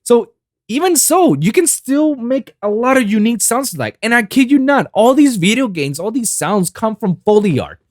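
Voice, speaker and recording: In a dry, studio-quality recording, a podcast host and music producer living in South Florida speaks in a very high, sing-song voice at a moderate pace. He chats casually on his solo show about making sounds, swearing plenty and saying "I kid you not."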